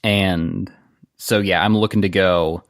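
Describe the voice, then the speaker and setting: Low-voiced man playing a tabletop game. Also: takes it slowly, no echo, clean studio sound. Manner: relaxed, thinking aloud. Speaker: player.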